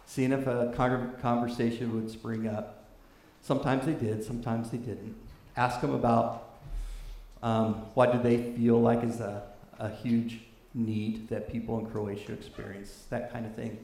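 Male preacher from California, chatty storytelling sermon, mid-pitched voice, roomy echo. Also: unhurried. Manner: conversational, animated storytelling with fillers.

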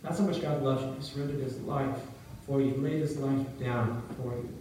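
A middle-aged pastor with a dark-toned, medium-pitched voice preaches a little fast and with fairly even intonation, telling a story and often quizzing his congregation. The recording carries a little hiss or hum and was made at a distance in a very echoey church hall.

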